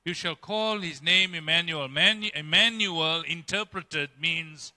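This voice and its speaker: A male pastor preaching a sermon emphatically, swinging between loud, raised passages and quiet, low ones. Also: takes it slowly, few pauses. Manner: emphatic preaching with dramatic swings in pitch and loudness. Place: church. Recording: long church-hall reverb.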